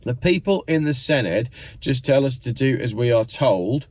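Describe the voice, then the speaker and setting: A man's voice: mid-range voice, animated, moderate pace, a little mellow, dry recording. A man hosting his own channel, giving sarcastic, mock-exasperated commentary. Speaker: channel host.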